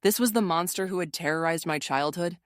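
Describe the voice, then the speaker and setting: A woman narrating a first-person family drama story in a steady, measured way. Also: on the low side, no room sound, studio quality.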